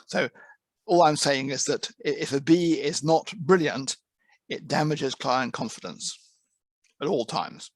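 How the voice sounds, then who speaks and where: A man with a fairly high voice, the head and teacher of an interpreting course, gives an unhurried, conversational presentation to trainee interpreters. He often repeats words as he restarts a thought, and the recording has no room sound.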